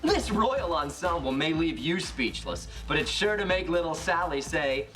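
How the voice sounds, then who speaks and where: A cocky sitcom schemer delivers every line like a showman, brash and theatrical. His pitch swings wildly, and music plays clearly under the clip. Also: sing-song, normal speed. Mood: showy. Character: cocky, scheming man, womanizing sitcom friend. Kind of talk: sitcom acting.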